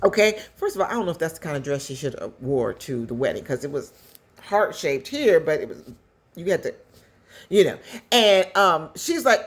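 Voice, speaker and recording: A woman casually recapping a story in a chatty, animated way, with quick asides. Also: low-pitched, slightly rough. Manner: chatty, animated retelling with acted quotes. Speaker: commentator recapping a skit.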